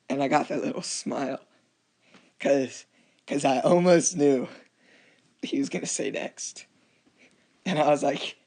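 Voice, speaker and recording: A man's voice: on the high side, takes it slowly, creaky, long pauses. A man casually narrating and commenting on his strategy game match, rambling and acting out chats with other players. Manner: rambling, restarts often, acts out quoted chats. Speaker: gameplay commentator.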